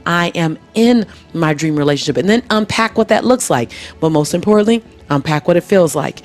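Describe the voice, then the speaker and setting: A woman talking earnestly about visualization in a conversation, repeating key phrases for emphasis. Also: medium pitch. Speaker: interview guest. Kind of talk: motivational conversation. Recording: music playing underneath.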